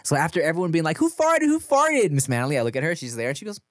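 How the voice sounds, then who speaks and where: A man co-hosting a podcast, telling excitable stories in casual chat and breaking into laughter and shouted quotes. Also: fairly high pitch, rapid-fire, no room sound, studio quality. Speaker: podcast co-host.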